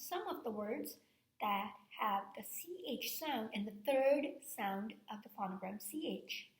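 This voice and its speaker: A woman's voice: on the high side, fairly bright tone. A woman teacher giving a recorded reading lesson to fourth graders, explaining step by step and checking in with "okay?". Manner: slow, patient, explaining step by step with frequent "okay?". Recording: echoey room sound.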